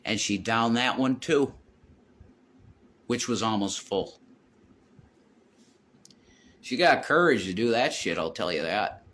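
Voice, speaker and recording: A man's voice: on the low side, expressive, slow pace, long pauses, a bit bright. A middle-aged man rambling to his viewers, telling a personal story in a heated, profane way with constant swearing. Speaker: vlogger.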